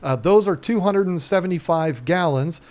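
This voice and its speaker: A man's voice: high-pitched, moderate pace, a little mellow. A man hosting a casual live stream, rambling in a folksy way with plenty of ums. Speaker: aquarium channel host.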